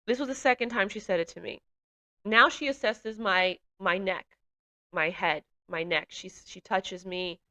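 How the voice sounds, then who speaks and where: A woman recounts a personal testimony in a bright, clear-toned voice. She speaks earnestly and haltingly, with fillers and restarts. Her telling is heartfelt and emotional. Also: mid-range voice. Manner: grows emotional while recounting.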